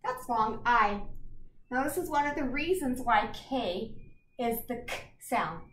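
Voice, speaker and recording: A woman teacher sounding out words slowly and reading a picture book aloud to children. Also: a little high, animated, a bit bright, reverberant, slight background noise. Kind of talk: storytime lesson and read-aloud.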